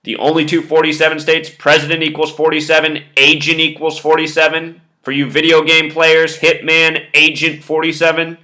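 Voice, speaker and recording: Male host delivering a step-by-step lecture to camera; bright, sharp voice. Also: a little high, monotone, normal speed, few pauses. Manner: lecturing, spelling out numbers step by step. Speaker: video host. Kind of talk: monologue commentary to camera.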